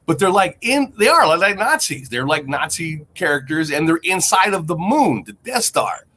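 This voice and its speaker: A man rambles through a mock conspiracy theory with plenty of swearing. His voice sits high and breathy-rough, and it leaps around in pitch. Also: big pitch swings, moderate pace, fairly bright tone. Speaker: podcast co-host. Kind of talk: casual chat.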